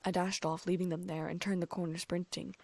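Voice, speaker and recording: A woman's voice: on the low side, little pitch movement, fairly quick, gravelly, darkish tone, no room sound. A woman reading a fan-fiction audiobook aloud in first-person narration. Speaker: audiobook reader.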